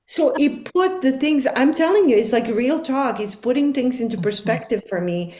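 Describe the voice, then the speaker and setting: A woman's voice: high voice, lively intonation, normal speed, a little mellow, reverberant. A middle-aged woman speaking as a life coach guest on a podcast, talking in an earnest, reflective and emphatic way. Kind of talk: podcast conversation.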